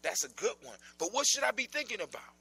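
A proud young princess, anxious and pleading, played by a male storyteller. Her voice is high and ringing, with a bright edge, in a folk tale told aloud. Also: very animated, quick pace, gravelly, breathy edge, heavily acted, low-quality recording. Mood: worried.

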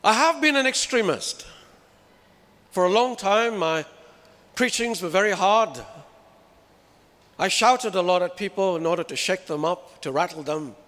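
A man's voice: sits high, animated, measured pace, long pauses, fairly bright tone. A man preaching a sermon with emphasis, putting rhetorical questions to his listeners. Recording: reverberant hall.

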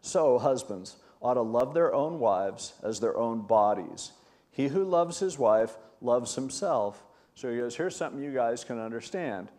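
A man's voice: mid-range voice, lively intonation, unhurried, a little mellow. A man in his sixties, a pastor, giving a conversational sermon and telling stories with animation. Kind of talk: sermon teaching.

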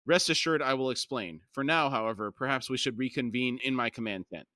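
A man reading the part of a gruff, imposing male warlord who speaks curtly and commandingly. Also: mid-range voice, fairly quick, sharp tone, no echo, clean studio sound, close to an everyday voice.

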